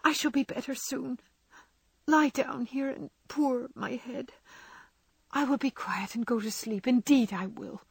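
A woman voicing a frail, gentle young girl in a storybook reading, speaking softly through tears. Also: sits high, unhurried, gravelly, husky, no echo, pitched above the performer's own voice, heavily acted. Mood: tearful. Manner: soft, tearful pleading.

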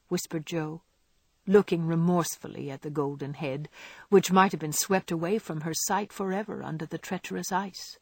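Breathy woman narrating a classic novel. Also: deep voice, no echo. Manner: expressive, measured storytelling. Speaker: audiobook narrator.

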